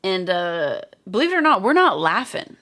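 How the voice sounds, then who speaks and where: A woman's voice: mid-range voice, big pitch swings, moderate pace, fairly bright tone, slight background noise. A woman live streaming while crafting, chatting casually and reading viewer comments aloud. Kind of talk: casual livestream chat.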